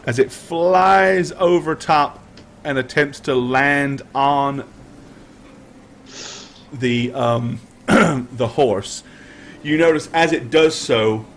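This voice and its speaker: A young man running a tabletop game as game master, narrating in vivid, drawn-out descriptions with frequent ums. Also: medium pitch, a little hiss or hum.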